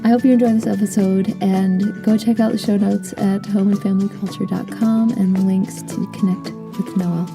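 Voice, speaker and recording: A woman's voice: mid-range voice, fairly even intonation, moderate pace, gravelly, hardly any pauses, music in the background. A woman in her thirties hosting a podcast, chatting casually with a giggly, restarting way of talking. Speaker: podcast host.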